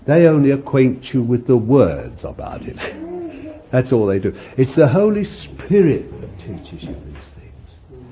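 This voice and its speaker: A man's voice: medium pitch, big pitch swings, a little slow. A man preaching a sermon in a folksy, conversational way, often adding "you see" as an aside. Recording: muffled lo-fi recording with faint hiss.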